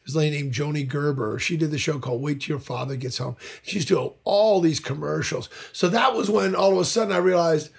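A man's voice: fairly high pitch, fast talker, few pauses. An older man, a voice actor and director, telling stories in a casual interview with a worn voice, acting out the people in his anecdotes. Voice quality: worn, gravelly voice. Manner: animated storyteller who acts out voices in anecdotes.

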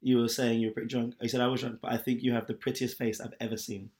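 Here a fast-talking man with a mid-range voice co-hosts a podcast. Laughing frequently, he narrates a story with plenty of animation in an easygoing exchange.

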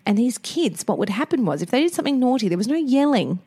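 A woman's voice: a little high, sing-song, quick pace, mellow, slightly rough. A woman, co-hosting a casual chat about parenting. She tells stories with lots of laughter and acts out what people said. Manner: chatty storyteller, laughs often, acts out quotes. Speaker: podcast co-host.

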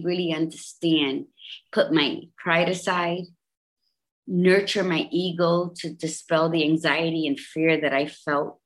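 Woman in her fifties, deep voice, candid interview guest, emphatic, repeats herself for weight. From Bridgeport, Connecticut, US. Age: 50s. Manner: emphatic, repetitive, animated storytelling.

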